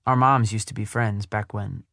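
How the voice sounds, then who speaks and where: A man reading an audiobook, voicing an eager and friendly teenage girl in a bubbly, excitable way. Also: mid-range voice, normal speed, breathy edge, dry recording, studio quality.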